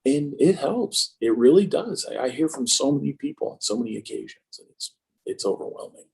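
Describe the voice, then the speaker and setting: Gravelly, husky-voiced man in his fifties. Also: mid-range voice, expressive, fairly quick, a little mellow, low-quality recording. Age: 50s. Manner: self-mocking, joking storyteller. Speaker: interview guest. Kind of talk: casual conversation.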